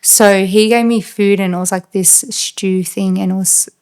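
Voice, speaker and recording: A woman with an Australian accent, a podcast guest, telling a personal story in a halting, flat way with lots of fillers. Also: mid-range voice, clear, resonant tone. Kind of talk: casual storytelling.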